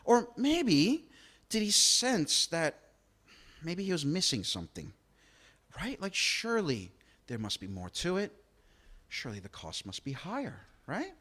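Brief: male pastor, chatty sermon delivery, fairly high voice with a wide, lively pitch range. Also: measured pace, pauses often. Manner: conversational, acts out quotes, rhetorical questions.

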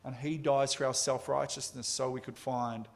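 A man preaching a sermon, telling a story with halting restarts and emphatic turns. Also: mid-range voice, little pitch movement, creaky.

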